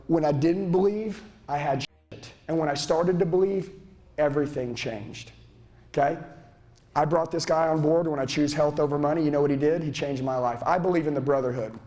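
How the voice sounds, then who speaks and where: High-pitched, intense male sales trainer. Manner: intense, profane, shouting and lecturing. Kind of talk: motivational seminar speech. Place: seminar room with live audience. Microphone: handheld mic.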